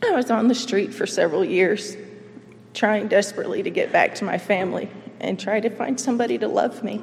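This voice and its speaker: A woman giving a personal faith testimony, earnest and emotional, speaking in halting phrases with pauses. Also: mid-range voice, fairly even intonation, vocal fry, darkish tone. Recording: long reverb, as in a large hall.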